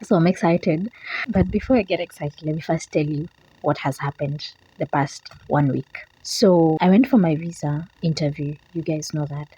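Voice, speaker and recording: A woman vlogger who has just woken up, telling a story to camera in a chatty, animated way. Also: low-pitched, moderate pace, husky, rough recording. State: just woke up. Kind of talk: casual vlog talk to camera.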